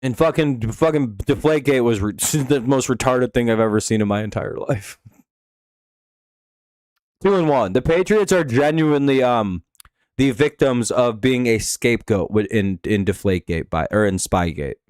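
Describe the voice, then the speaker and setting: A man's voice: medium pitch, animated, moderate pace, a little mellow, no echo, studio quality. Profane rambling man on a live stream. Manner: profane, rambling, with many fillers and restarts. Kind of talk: casual live-stream commentary.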